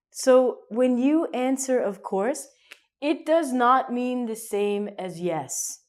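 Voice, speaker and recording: A woman's voice: on the high side, animated, takes it slowly. A woman from Canada with a Canadian accent, teaching English in a playful, jokey way and acting out small scenes. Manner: playful, jokey, acts out mini scenes with sudden loud and hushed bits. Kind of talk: casual online English lesson.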